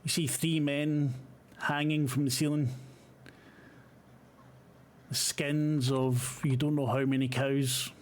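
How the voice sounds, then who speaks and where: A man's voice: on the high side, level tone, takes it slowly, pauses often. A man running a tabletop game as game master, narrating scenes and then chatting casually with his players. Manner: casual, with fillers and swearing.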